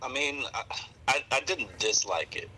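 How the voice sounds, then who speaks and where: A man co-hosting a casual panel chat, mild and measured. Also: medium pitch, expressive, bright, forceful tone, slight background noise, low-quality recording. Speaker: co-host.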